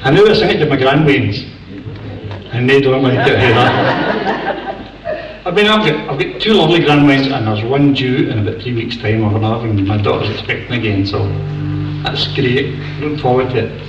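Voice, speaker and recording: A man's voice: mid-range voice, moderate pace, pauses often, music in the background. An older Scottish man doing stand-up comedy, a chatty, self-mocking storyteller on a theatre stage. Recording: echoey theatre from far off.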